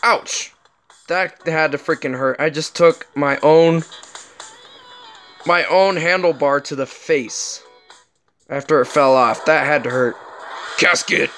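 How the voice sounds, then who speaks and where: A man doing let's play commentary, excitable and joking, swearing often. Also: fairly high pitch, takes it slowly, pauses often, soft background music. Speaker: gaming commentator.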